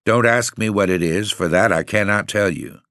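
A man's voice: fairly low pitch, no room sound, clean studio sound. A man voicing a grave old caretaker woman. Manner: quiet, solemn, unhurried. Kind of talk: audiobook reading.

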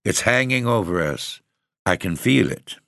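A man voicing an old woman caretaker with second sight, speaking quietly and solemnly. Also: on the low side, lively intonation, unhurried, gravelly, no echo, clean studio sound, heavily acted. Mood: grave. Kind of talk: audiobook reading.

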